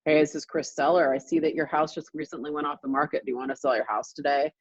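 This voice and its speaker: A woman voicing a laid-back male salesman cold-calling in a flat, monotone voice, on dull lo-fi call audio. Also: sits low, quick pace, slightly rough, dry recording.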